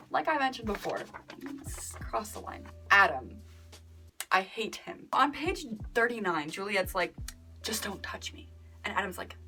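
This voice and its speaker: A young woman giving a casual book review vlog, animated and sarcastic, who mocks quoted lines in a breathy whisper. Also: medium pitch.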